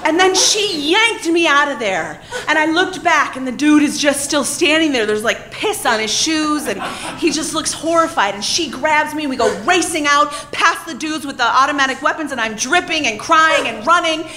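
A woman telling a humiliating personal story to a live audience, animated, self-mocking and full of swearing. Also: sits high, normal speed, few pauses.

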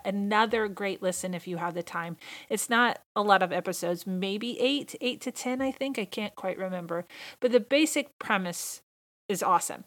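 A woman with a mid-range, somewhat bright voice hosts her own podcast as a casual solo monologue. She gushes with enthusiasm, like an excited fan.

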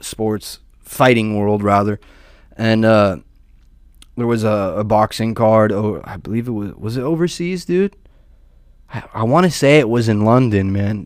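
A man's voice: lowish voice, no echo, studio quality. A young man rambling casually and profanely, peppering his talk with "dude" and "man". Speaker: podcast host.

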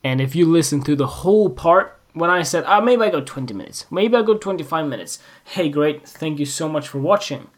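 A man's voice: on the high side, animated, brisk, few pauses. A man hosting a solo podcast, talking in a rambling, emphatic way, swearing often and putting questions straight to the listener. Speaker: podcast host.

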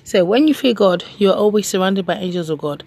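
A woman preaching a devotional message, animated and emphatic, laughing and telling stories. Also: medium pitch, brisk, husky, no room sound.

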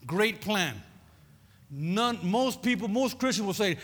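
A man preaching a sermon, repeating his phrases with emphasis and prodding the congregation with quick questions. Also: sits high, expressive, a bit bright. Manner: repetitive, emphatic, prods the audience with "huh?". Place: church sanctuary. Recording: long hall reverb.

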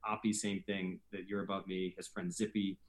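A man's voice: low voice, little pitch movement. Hesitant man reminiscing about camp. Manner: halting, repeats himself, many fillers. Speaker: guest, former camper. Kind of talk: casual reminiscing chat.

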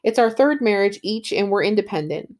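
A woman's voice: mid-range voice, lively intonation, brisk, darkish tone, natural voice. Woman reading a chattering suburban housewife, repetitive and carefree. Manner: repetitive, breezy and careless.

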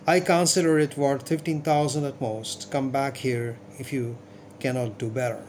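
A man's voice: mid-range voice, steady tone, a little hiss or hum, close to an everyday voice. A man voicing a dry, suspicious jeweler. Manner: dry, measured.

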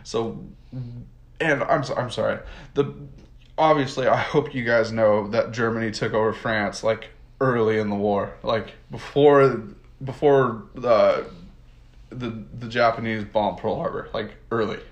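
A man's voice: on the low side, a little slow. A man from the United States casually retelling history in a rambling, slangy way, with many fillers and laughs. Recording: roomy echo.

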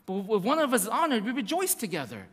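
A male pastor delivers a sermon in a high voice that swings widely in pitch. He repeats phrases for emphasis and acts out little asides. The voice carries a long hall reverb. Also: quick pace. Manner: animated, repetitive preaching with acted-out asides.

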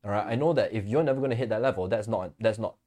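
A man's voice: on the low side, rapid-fire. A man co-hosting a podcast, chatting casually, telling stories and acting out quotes with easy laughs. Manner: relaxed storytelling, laughs easily, acts out quotes. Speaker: podcast co-host.

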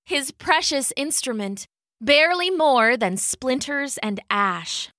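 A woman narrating a scripted spooky story in a measured, unhurried manner. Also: sits high, animated, sharp tone, no echo, clean studio sound.

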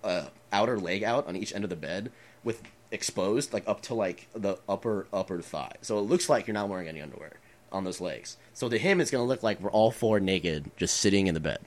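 A man in his twenties with a low voice and brisk delivery tells prank stories in a casual chat. He rambles, uses lots of filler words, and laughs as he goes.

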